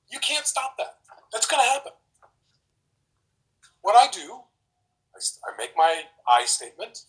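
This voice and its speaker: Animated man giving relationship advice. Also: high-pitched, normal speed, low-quality recording. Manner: animated, acts out example dialogues. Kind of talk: casual explanatory talk.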